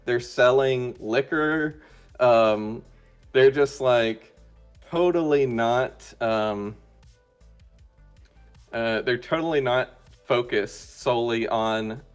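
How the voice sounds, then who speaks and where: A man's voice: medium pitch, slow pace, pauses often, clean tone. Guy guest in a chat, mid voice, loads of ums and restarts, faint music behind. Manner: hesitant, many fillers and restarts. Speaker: interview guest, roleplay player. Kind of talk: casual chat.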